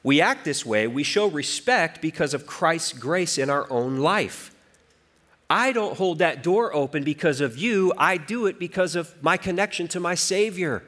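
A man's voice: fairly high pitch, expressive, a little slow, a bit bright. A man preaching a sermon as pastor, storytelling with his voice rising and falling for emphasis.

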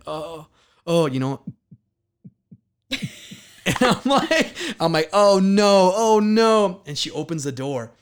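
A man in his thirties telling a profane, laughing story in casual chat, acting out the quotes. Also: medium pitch.

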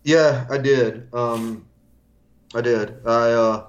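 A man's voice: medium pitch, fairly even intonation, extremely slow, dull audio. A man co-hosting a casual music podcast, rambling with restarts as he recommends a band. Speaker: podcast co-host.

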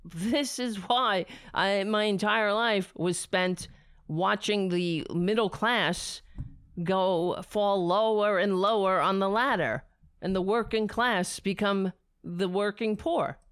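A woman ranting angrily about politics, profane and sarcastic, who drops into a soft baby voice for her cat. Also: medium pitch, slow pace, smooth, dry recording, clean studio sound. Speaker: political commentator.

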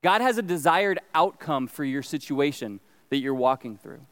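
A man's voice: a little high, lively intonation, moderate pace, a bit bright, smooth. A man preaching a sermon as pastor, earnest and conversational, often restarting his words. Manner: earnest, conversational, frequent restarts and stammered repeats. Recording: long reverb of a large hall.

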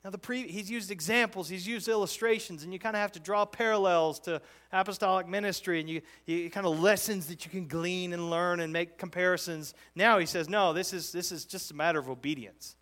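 A man preaching a verse-by-verse sermon, talking conversationally but with emphatic, animated bursts. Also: high-pitched, fairly quick, hardly any pauses. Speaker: pastor. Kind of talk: expository sermon.

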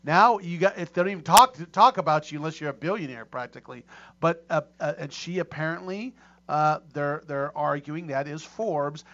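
Middle-aged man rambling, slightly high voice. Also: a bit bright. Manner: rambling, many restarts and fillers. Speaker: talk show host. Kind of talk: casual chat. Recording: dull lo-fi audio.

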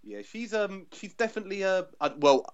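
A man's voice: high voice, animated, clear, resonant tone, dry recording, muffled recording. A man with a London accent, a podcast guest who chats casually and laughs often. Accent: London English. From England. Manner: chatty, quick to laugh, full of restarts. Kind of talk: casual pop-culture chat.

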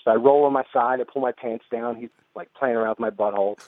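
A man's voice: mid-range voice, steady tone, fast, dry recording, phone-quality sound. A man on a comedy podcast, telling a story in casual chat and laughing through it. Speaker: podcast co-host.

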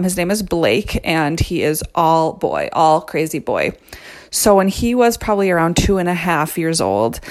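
A woman in her thirties telling a self-deprecating story in a chatty way, full of "um" and "like". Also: deep voice. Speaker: guest storyteller. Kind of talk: casual storytelling.

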